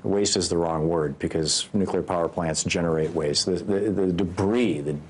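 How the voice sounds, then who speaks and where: A man's voice: deep voice, moderate pace, slightly rough. A man in his sixties interviewing a guest, asking hesitant questions with frequent restarts. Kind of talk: interview conversation.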